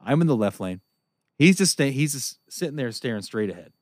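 A man telling a long story as a podcast co-host, profane and animated, laughing often. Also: mid-range voice, a little fast, no echo, studio quality. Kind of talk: casual storytelling chat.

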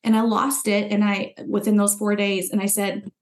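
Appearing on a podcast as a former client, a woman shares her personal story in conversation, sincerely reenacting her thoughts from that time. Her mid-range voice is flat in delivery and moves at a moderate pace.

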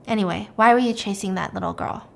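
A woman voicing a blunt, world-weary male detective, in a low, matter-of-fact way. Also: fast talker, vocal fry.

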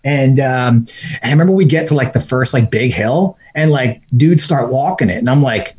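A man's voice: medium pitch, moderate pace, breathy edge. Podcast guest, male, loose chatty storyteller who keeps slipping into quoted voices and laughter. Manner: animated, laughs mid-story, acts out his own quotes. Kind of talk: casual storytelling.

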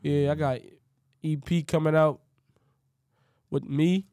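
A man's voice: on the high side, steady tone, slow, dark tone, no room sound, clean studio sound. A young man with a Philadelphia accent, a rapper guest teasing in laid-back slang during casual podcast chat.

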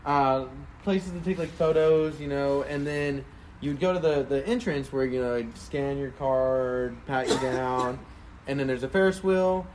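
A man's voice: mid-range voice, unhurried, a little mellow, a little hiss or hum. A young man on a casual podcast, telling a long story in a loose, rambling way, full of "like" and laughs.

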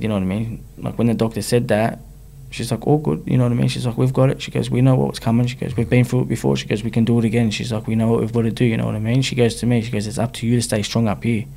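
With vocal fry and a darkish tone at medium pitch, an Australian rapper from Sydney talks frankly about his own history as an interview guest. His slang-heavy speech keeps reaching out to the listener, often with "you know what I mean."

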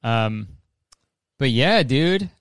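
A man's voice: mid-range voice, animated, very slow, clear, resonant tone, dry recording, studio quality. A man hosting a podcast in casual, rambling chat, swearing freely and laughing often. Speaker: podcast host.

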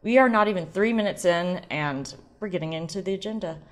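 Woman wine podcast host, low-pitched voice, chatty, playful, rambling. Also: brisk. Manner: chatty, tangent-prone, playful, giggly. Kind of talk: casual solo podcast chat.

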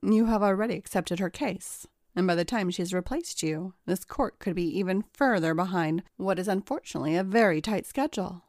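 A woman's voice: medium pitch, fairly quick, hardly any pauses, a little mellow, no echo, close to an everyday voice. A woman voicing a busy male judge who is firm but kindly, reading in a dry, close studio sound. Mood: brisk, firm.

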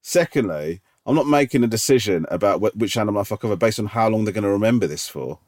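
A man bantering on a podcast, skeptical and quick with questions. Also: fairly low pitch, expressive, a little mellow, dry recording, clean studio sound. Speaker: podcast co-host. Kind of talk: casual banter.

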